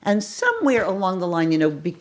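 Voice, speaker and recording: Speaking fairly quickly in a fairly low voice, the older woman, a casting director, shares stories during a podcast interview. She's animated and acts out each exclamation she quotes.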